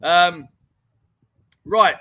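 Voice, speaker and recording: A man's voice: high voice, drawn-out words, sharp tone, rough recording. A man hosting a casual livestream chat from home, reading viewer comments and calling everyone mate. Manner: chatty and matey, keeps calling people mate. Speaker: livestream chat show host. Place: home in Pattaya.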